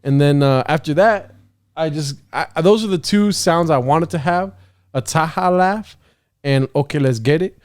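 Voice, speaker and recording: Rambling young man, rather high voice. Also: unhurried, a little mellow. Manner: rambling, self-mocking, laughs often. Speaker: podcast host. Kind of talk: casual solo podcast chat.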